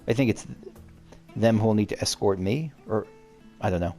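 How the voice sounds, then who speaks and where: A man with a gruff voice chatting his way through a story game, thinking out loud, restarting sentences and swearing now and then. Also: fairly low pitch, moderate pace, soft background music. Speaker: gaming channel host. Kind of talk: let's-play commentary.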